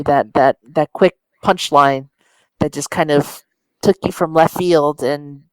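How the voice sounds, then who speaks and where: A man co-hosting a podcast in casual chat, speaking haltingly and searching for words. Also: fairly high pitch, no room sound, poor audio. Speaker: podcast co-host.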